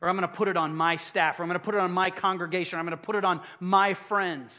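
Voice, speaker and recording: Middle-aged male pastor with a high voice, preaching with emphatic repetition. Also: fairly even intonation, fast talker, bright, forceful tone. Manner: emphatic, repeats phrases for effect. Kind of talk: sermon.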